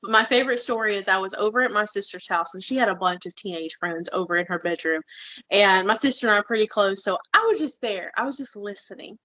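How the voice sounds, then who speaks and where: A woman's voice: medium pitch, animated, quick pace, sharp tone, dry recording, muffled recording. A woman co-hosting a podcast, talking bluntly and heatedly in casual chat, with frequent swearing. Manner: blunt, fired-up, swears freely. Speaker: podcast co-host.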